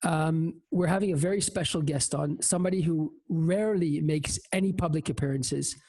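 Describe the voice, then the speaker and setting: Man, talk show host, gravelly, husky, emphatic announcements. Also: on the high side, darkish tone. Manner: informal, swears, slow emphatic announcements.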